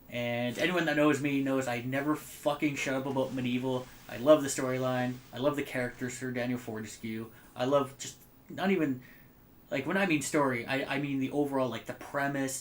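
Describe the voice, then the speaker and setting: A man in his twenties co-hosting a casual podcast, telling rambling stories with lots of fillers and swearing. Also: medium pitch. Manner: rambling, animated storytelling with frequent fillers and swearing. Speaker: podcast co-host. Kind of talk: casual chat.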